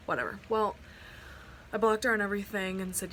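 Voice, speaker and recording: A woman's voice: mid-range voice, fairly even intonation, fast, a bit bright, a little hiss or hum. A young adult woman vlogging at home into her phone, telling a personal story in a rambling, heartfelt way full of fillers and restarts. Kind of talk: casual storytime vlog. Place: at home by an open window. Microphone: phone camera.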